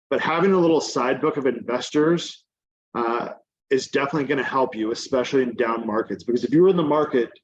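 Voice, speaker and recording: Chatty man presenting, dull lo-fi sound. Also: mid-range voice. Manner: chatty, many fillers like "like" and "um". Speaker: guest presenter on real estate exchanges. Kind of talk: casual teaching presentation.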